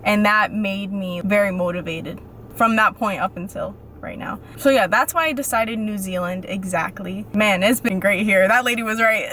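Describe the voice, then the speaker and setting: A woman's voice: mid-range voice, moderate pace, a little hiss or hum. Chatty young woman vlogger. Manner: chatty and animated, repeats phrases for emphasis. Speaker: faith vlogger. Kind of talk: casual talk to camera.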